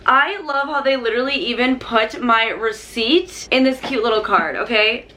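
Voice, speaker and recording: A young woman vlogging an unboxing, gushing and bubbly, peppering her talk with "literally" and "like", her pitch jumping high when she is thrilled. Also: normal speed, pushed and bright, slight background noise. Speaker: YouTuber. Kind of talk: excited unboxing vlog.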